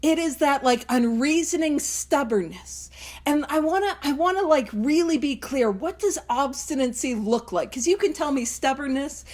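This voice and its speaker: A woman with a high, light voice talks through a recovery text in a casual, earnest way. She laughs often and slips into inner voices to make a point. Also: animated, moderate pace, a little mellow. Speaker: podcast host leading a Big Book study. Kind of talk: casual recovery study talk, reading and explaining.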